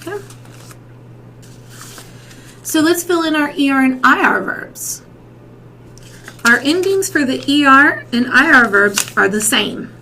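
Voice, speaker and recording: Patient woman teacher, slow and clear, slightly high voice, faint noise behind. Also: lively intonation, pushed and bright, poor audio. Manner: slow, patient, repeats and checks with "okay?". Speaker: Spanish teacher. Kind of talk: classroom lesson.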